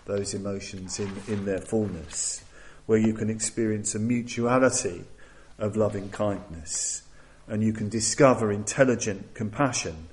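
Man, lowish voice, Buddhist teacher, reflective dharma talk, hesitant, frequent ums and restarts. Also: measured pace, rough recording.

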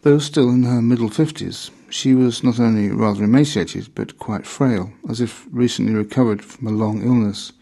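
A man reading a memoir aloud in measured, deliberate scripted narration. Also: mid-range voice, gravelly, warm tone.

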